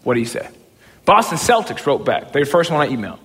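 A man giving a humorous, self-mocking storytelling talk as a motivational speaker, often breaking into excited shouts. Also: a little high, quick pace, long reverb tail, a little hiss or hum.

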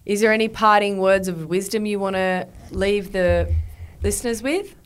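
A woman's voice: medium pitch, moderate pace. A woman in her thirties hosting a podcast in a studio, chatting casually and rambling with filler words. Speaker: podcast host.

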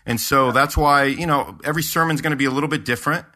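A man's voice: fairly high pitch, quick pace, bright, forceful tone. A man, a pastor and podcast co-host, chatting casually and rambling through a story with lots of fillers and restarts. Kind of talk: casual chat.

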